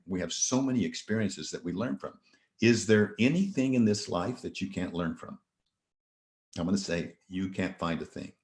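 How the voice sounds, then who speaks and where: A man's voice: deep voice, a little mellow, reverberant. A man giving an earnest motivational talk on gratitude, telling stories and asking the audience rhetorical questions. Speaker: motivational speaker. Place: virtual event presentation.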